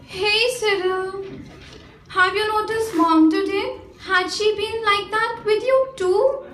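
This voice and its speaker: A woman's voice: extremely high pitch, slow, fairly bright tone, a little hiss or hum, full character voice. A woman acting a sulky, demanding grown daughter on stage, with a whiny, petulant way of talking. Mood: puzzled. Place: theatre stage. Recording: echoey hall from far off.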